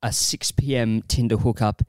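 A young man co-hosting a comedy podcast, throwing in deadpan quips and short comic voices. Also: mid-range voice, normal speed, dry recording. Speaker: podcast co-host. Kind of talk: casual comedy podcast chat.

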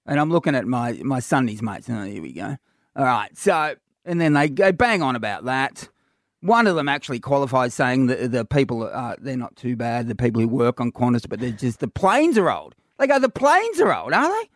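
A man's voice: medium pitch, lively intonation, a little fast, no echo, clean studio sound. A middle-aged Australian man, a radio comedy host, telling a story in casual chat with laughs and acted-out quotes.

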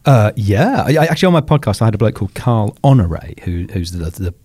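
A man in his sixties, an author chatting as a guest, telling stories with lively swings and acted-out quotes. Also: fairly low pitch, fast talker, breathy edge, no echo. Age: 60s. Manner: animated storyteller, acting out quoted voices. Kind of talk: casual interview chat.

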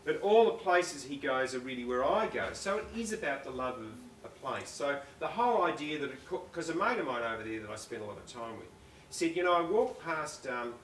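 A man's voice: mid-range voice, animated, a little fast. An Australian man speaking as a guest author in a live on-stage conversation, talking enthusiastically, rambling and often breaking off mid-thought. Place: school hall before an audience. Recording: roomy and distant with faint ambience.

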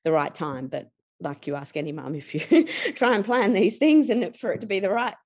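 A woman's voice: mid-range voice, lively intonation, normal speed, a little mellow. A woman in her forties with an Australian accent, a podcast guest telling personal stories candidly, laughing often and acting out quotes. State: tired.

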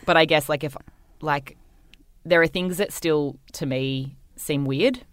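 Australian woman, low register, relaxed podcast co-host who tells a yarn and swears. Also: measured pace, no room sound, studio quality. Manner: loose storyteller, swears freely. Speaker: podcast co-host and style editor. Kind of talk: casual chat. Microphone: studio microphone.

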